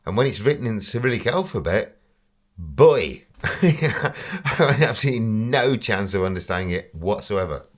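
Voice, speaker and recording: A man's voice: fairly low pitch, expressive, moderate pace. An English man telling a casual, rambling story about himself, chatty and self-deprecating, often breaking into laughter. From England. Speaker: vlogger.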